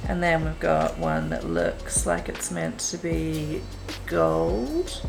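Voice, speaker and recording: Slow, gravelly-voiced woman vlogging. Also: low-pitched, low-quality recording. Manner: chatty, gushing, self-deprecating. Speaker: beauty vlogger. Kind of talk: casual makeup review chat.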